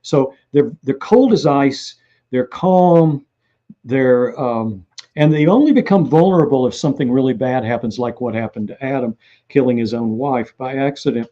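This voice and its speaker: A man, an author being interviewed, telling lively stories and acting out what people said. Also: mid-range voice, normal speed, dull audio. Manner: animated anecdotal storyteller who acts out quotes. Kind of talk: interview storytelling.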